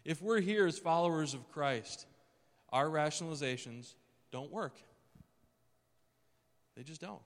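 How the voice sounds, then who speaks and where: A man's voice: a little high, measured pace, pauses often. Man preaching a sermon in a reverberant hall. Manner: conversational preaching, dramatizes quotes. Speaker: pastor.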